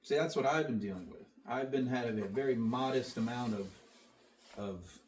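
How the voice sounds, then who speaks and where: A man's voice: mid-range voice, moderate pace, recorded from a distance, slight background noise. A man, a comedian guest, talking in a dry, understated way in a comedic interview.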